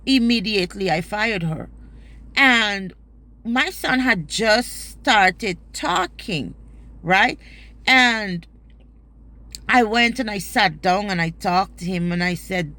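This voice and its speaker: A woman's voice: medium pitch, takes it slowly, sharp tone. Emphatic Guyanese woman telling a story. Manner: emphatic, swears freely, Creole turns of phrase. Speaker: mother telling a personal story. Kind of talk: storytelling vlog.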